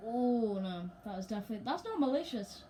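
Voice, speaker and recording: A woman commentating casually and excitably on her own football video game as she plays. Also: on the high side, fairly quick, slight background noise. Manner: chatty and excitable, talking to herself over gameplay. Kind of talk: let's play commentary.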